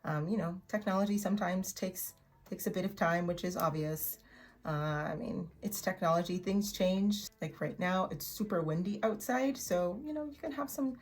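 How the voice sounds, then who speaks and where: A woman teaching an English vocabulary lesson in a chatty way, repeating words slowly for learners to echo. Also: medium pitch. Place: in Oklahoma.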